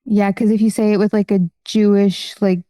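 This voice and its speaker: A woman chimes in on a podcast with short, joking asides. Her voice is mellow and soft-edged, and the sound is dry. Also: mid-range voice, flat delivery, normal speed, smooth, dry recording. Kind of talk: casual chat.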